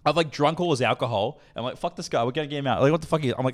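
A young Australian man casually telling a profane, animated story as a podcast co-host, acting out the voices of the people in it. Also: mid-range voice, very fast, hardly any pauses.

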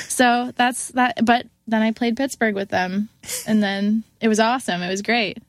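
With a voice on the high side at normal speed, a young woman musician guesting on a podcast tells a story casually, with no room sound. She's animated, acts out what people said by raising her voice, and says "like" many times.

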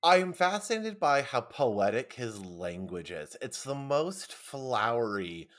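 A man's voice: medium pitch, very animated, unhurried, fairly bright tone. A man co-hosting a podcast, recapping a TV episode in rambling, playful casual chat. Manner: rambling, lots of "like" and restarts, playful. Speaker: podcast co-host.

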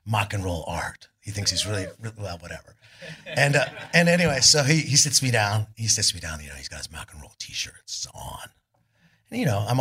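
Husky, animated man telling stories on stage. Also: on the low side, brisk. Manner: laid-back, animated storytelling with voices for quotes. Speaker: guest musician. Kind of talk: live podcast storytelling. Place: arts club on stage before an audience.

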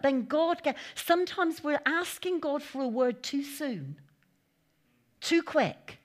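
A woman giving a conversational sermon at a church meeting, with chatty asides and acted-out quotes. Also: sits high. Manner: chatty, animated, laughing asides, acting out quotes. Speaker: preacher.

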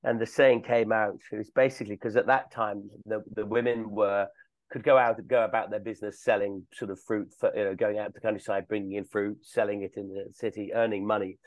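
A man chatting casually, telling stories haltingly with many pauses and restarts, and chuckling through them. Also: fairly low pitch, flat delivery, no room sound, rough recording. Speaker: guest, tour company co-founder. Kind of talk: casual storytelling chat.

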